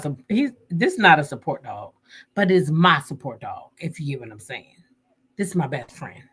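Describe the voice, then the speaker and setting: Woman, deep voice, animated casual storytelling, emotional. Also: husky. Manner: animated, emotional, talks to viewers directly. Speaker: vlogger.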